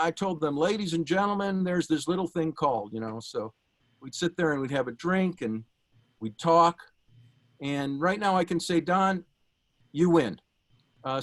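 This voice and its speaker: A man speaking over a video call, giving a heartfelt tribute to his former professor, telling anecdotes with light laughs. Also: fairly high pitch. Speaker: memorial speaker, former student.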